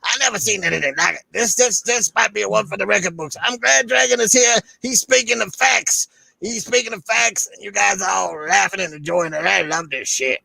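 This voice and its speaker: A man doing an impression of a loud, gravelly hype man, ranting with excited swearing. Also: high voice, fairly quick, no echo, heavily acted, rough recording. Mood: hyped. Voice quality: gravelly, shouting. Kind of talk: podcast impression bit.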